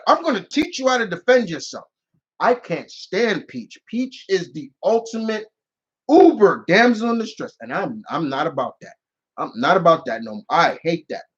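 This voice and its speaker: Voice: medium pitch, slightly rough. A streamer hosting a live Q&A, ranting in a casual, rambling way and slipping into acted voices. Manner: animated, rambling, acts out voices in quotes. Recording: dull lo-fi audio.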